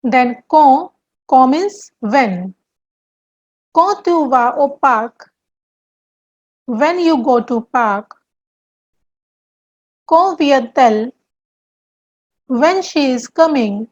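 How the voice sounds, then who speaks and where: Woman, language teacher, high voice, slow and deliberate, repeats examples, slightly muffled recording. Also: lively intonation, a little mellow. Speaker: French teacher. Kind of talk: explaining grammar to learners.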